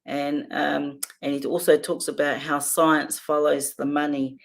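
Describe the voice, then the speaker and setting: A woman's voice: deep voice, level tone, measured pace, gravelly. A woman hosting a casual livestream, chatting, reading viewer comments and laughing often between remarks. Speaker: livestream host.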